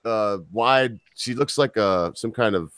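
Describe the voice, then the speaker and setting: A man's voice: fairly low pitch, measured pace, fairly bright tone, no echo. An American man hosting a podcast, reading news articles aloud and breaking off into blunt, mocking asides. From United States. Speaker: podcast host.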